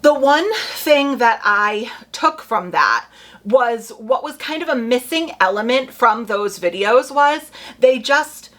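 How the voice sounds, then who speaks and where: A young woman chatting casually to camera about book picks, full of quick asides and "like". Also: on the high side, animated, a bit bright. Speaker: booktube creator.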